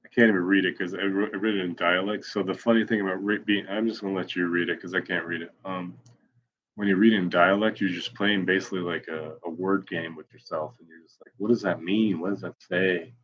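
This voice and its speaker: A man's voice: low-pitched, steady tone, quick pace, fairly bright tone. A man in his forties blogging live, chatting and reading his own posts aloud in a wry, self-mocking, off-the-cuff way. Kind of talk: rambling casual live-stream chat. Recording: dull lo-fi stream audio.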